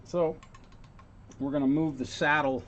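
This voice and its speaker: A man's voice: fairly high pitch, steady tone, a little slow, a little hiss or hum. Chatty man thinking aloud at his workbench. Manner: thinks aloud while working, chats to viewers. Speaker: guitar repair technician. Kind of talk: casual workshop stream talk. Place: repair workshop.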